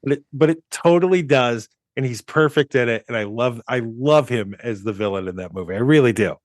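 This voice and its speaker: Podcast co-host, man, mid-pitch, rambly casual talk, dry close mic. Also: brisk, no room sound. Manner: rambling, restarts often, chuckles while talking. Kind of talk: casual movie chat.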